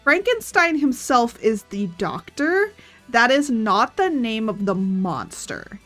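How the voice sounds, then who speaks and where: A woman's voice: a little high, sing-song, slow pace, a bit bright. A woman chatting casually on her art livestream, rambling and giggling as she retells stories. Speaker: streaming artist. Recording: faint background music.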